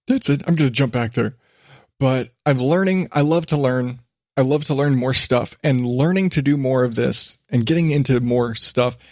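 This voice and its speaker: A man's voice: fairly high pitch, dry recording, clean studio sound. A man hosting his own podcast from his desk at home, rambling casually and mocking himself, with the odd swear. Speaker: podcast host. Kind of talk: casual solo podcast monologue.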